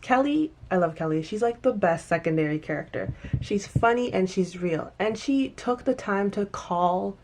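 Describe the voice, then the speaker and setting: A woman casually recapping and reviewing a TV episode, animated and emphatic, often restarting sentences. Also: mid-range voice, normal speed.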